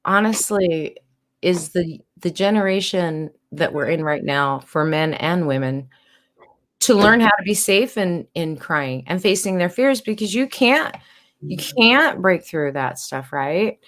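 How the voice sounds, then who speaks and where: A woman hosts an interview, asking her guest thoughtful, probing questions. Her pitch moves a lot, rising and falling as she speaks. She sounds engaged in the talk. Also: lively intonation, unhurried, fairly bright tone. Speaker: interview host. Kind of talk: interview conversation.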